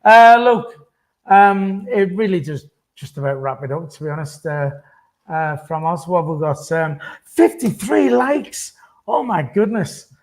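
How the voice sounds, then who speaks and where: A man's voice: high-pitched, animated, measured pace. A man hosting a casual post-match fan chat, rambling with lots of ums and uhs. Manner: rambling with many fillers. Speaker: fan channel host.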